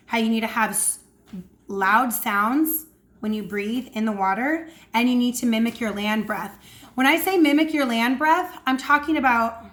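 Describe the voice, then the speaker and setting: Female swim coach, high bright register, energetic casual teaching from home. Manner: energetic, demonstrates breathing sounds. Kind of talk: casual instructional talk to camera. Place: at home indoors.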